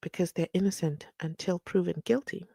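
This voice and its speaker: A woman's voice: fairly low pitch, a little fast, vocal fry, warm tone, breathy edge, dry recording. A woman, hosting a live stream, reading viewer comments and acting out the people she quotes with sarcasm. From South Africa.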